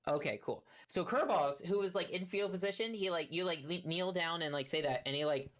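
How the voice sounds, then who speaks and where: A woman's voice: fairly low pitch, a little fast. A woman narrating a tabletop game as game master, rambling with lots of fillers. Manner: rambling, full of "like" and "kinda".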